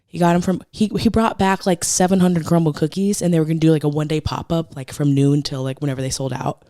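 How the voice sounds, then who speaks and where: A woman's voice: sits low, fairly even intonation, fast, mellow, dry recording, studio quality. A woman co-hosting a podcast, telling a story in a chatty, gossipy way and swearing freely as she talks. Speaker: podcast co-host. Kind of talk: casual chat.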